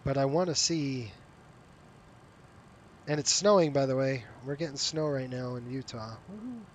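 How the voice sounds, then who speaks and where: A flight sim streamer who runs a virtual airline chats casually over gameplay, rambling, cutting himself off, and calling viewers "you guys" like friends. Tired and yawning, he speaks animatedly at a normal speed with a mid-pitched voice, over a faint low rumble.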